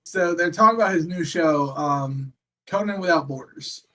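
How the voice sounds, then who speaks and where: A man co-hosting a laid-back chat about wrestling, his voice sitting a bit higher than most. He rambles from thought to thought and leans on a steady stream of fillers. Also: normal speed. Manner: rambling, filler-heavy, chatty. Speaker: co-host. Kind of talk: casual chat.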